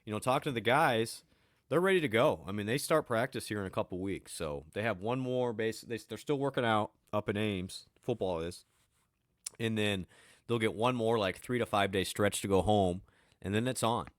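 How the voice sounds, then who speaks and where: A man co-hosting a sports podcast in casual chat, upbeat and teasing, with quick asides. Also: lowish voice, dry recording, studio quality. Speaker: podcast co-host, team beat reporter.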